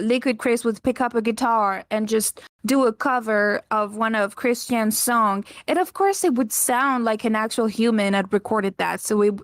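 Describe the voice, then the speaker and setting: A woman with a fairly high voice co-hosts a podcast in a chatty, casual way. She often chimes in with quick agreement. The sound is dry and close-miked. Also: dry recording. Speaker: podcast co-host. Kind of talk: casual chat.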